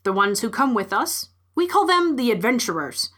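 A woman's voice: fairly high pitch, big pitch swings, normal speed, a bit bright. A coaxing alien oryx, as a woman puts it on.

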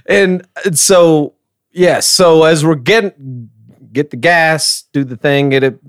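A middle-aged man spins a story for his podcast co-hosts, his voice sitting a little on the high side. He talks in a casual, animated way and laughs often as he tells it. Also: takes it slowly. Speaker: podcast co-host.

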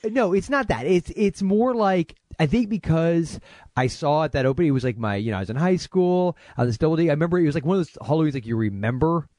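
A man's voice: a little high, lively intonation, fast, a little mellow, no echo. A man co-hosting a podcast, chatting casually and jokingly, rambling with restarts. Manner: rambling, jokey, lots of fillers and restarts. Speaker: podcast co-host. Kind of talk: casual chat about movies.

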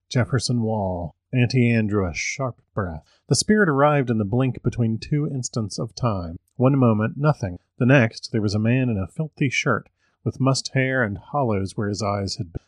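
A man who hosts a podcast, reading a story aloud in an even, measured way. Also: on the low side, dry recording.

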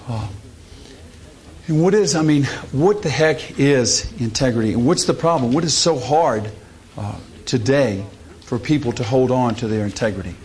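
A man's voice: mid-range voice, unhurried. Folksy preacher man. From Louisiana, US. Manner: folksy storytelling with fillers. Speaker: conference speaker. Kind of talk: humorous sermon talk.

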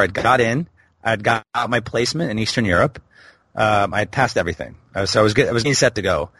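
A man in his thirties, speaking in a lowish, slightly bright voice on a dry recording, appears as a podcast guest. In this storytelling interview he reflectively and candidly recounts a personal story.

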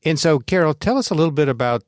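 A man's voice: fairly high pitch, lively intonation, fast, dry recording, studio quality. A man hosting a podcast, reading introductions and laughing easily in casual chat. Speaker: podcast host.

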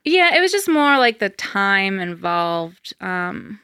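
A woman's voice: medium pitch, sing-song, takes it slowly, bright, forceful tone, smooth, dry recording, studio quality. A woman, a wedding planner telling her story as a podcast guest, chatty and full of "um" and "like". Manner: chatty, many fillers like um and like. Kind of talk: casual interview.

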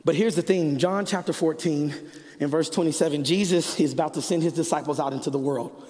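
A man preaching a sermon as pastor, swinging from loud, rising passages to hushed, quiet stretches. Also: a little high, fairly quick, long reverb tail.

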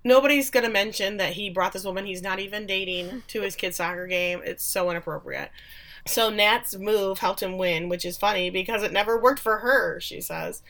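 A woman's voice: medium pitch, normal speed, vocal fry, fairly bright tone. Woman gabbing thru a tv recap, opinionated, acting out the lines. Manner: chatty, opinionated, acts out quoted lines. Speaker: podcast co-host recapping a TV episode. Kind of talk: casual recap chat.

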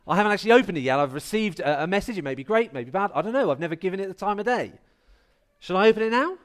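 Animated preacher, man, high-voiced. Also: rapid-fire. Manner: chatty and playful, addressing the congregation directly. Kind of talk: lively sermon at a carol service. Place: church.

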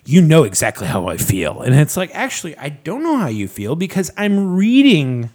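A man in casual podcast chat who swears freely and tells animated stories, acting out what other people said. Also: fairly high pitch, normal speed. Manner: profane, animated storytelling with acted-out quotes. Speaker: podcast guest, nonprofit founder.

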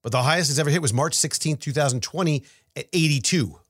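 Talking fast in a voice on the high side, a male podcast co-host rambles animatedly about markets, with stammering restarts and words said twice. The studio-quality audio has no room sound.

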